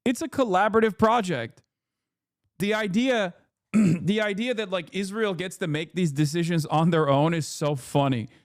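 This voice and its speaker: A man in his thirties rants through news stories on a live stream, sarcastic and quick to swear. His voice sits a little high for a man, and the mic sounds dry and close, with no room echo. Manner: profane, sarcastic, heated ranting. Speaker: political commentator streaming. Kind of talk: casual live-stream commentary reacting to news.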